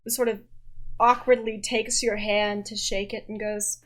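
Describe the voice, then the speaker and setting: A woman game master narrating a tabletop game in a measured, descriptive way. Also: medium pitch, level tone.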